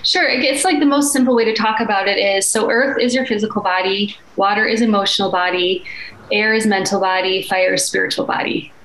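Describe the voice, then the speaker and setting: A woman with a Chicago accent speaks as a coach and podcast guest, earnest and reflective, loosely filling her speech with "like." Her mid-pitched voice sits in an echoey room with a faint hum of noise. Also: fairly even intonation, fairly quick, fairly bright tone. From Midwest United States. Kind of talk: casual interview talk.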